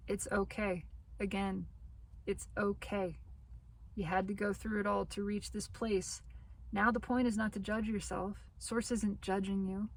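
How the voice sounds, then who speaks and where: A woman giving a spiritual tarot reading to her audience. She talks slowly, repeats her phrases and reassures the listener, and her voice is wearing thin as she loses it. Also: medium pitch, gravelly, poor audio. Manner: slow, repetitive, reassuring phrasing. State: losing her voice. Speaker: tarot reader.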